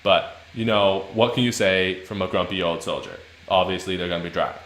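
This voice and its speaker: A man's voice: low voice, a little fast, fairly bright tone, roomy sound, a little hiss or hum, rough recording. A man voicing a boastful male monster who brags casually and rambles.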